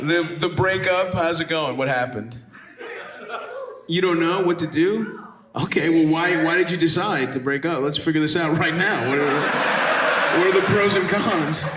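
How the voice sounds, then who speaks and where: A man's voice: on the high side, moderate pace. A male stand-up comedian doing crowd work on stage, teasing and bantering with the audience in a brash, profane way. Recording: echoey room with loud crowd noise.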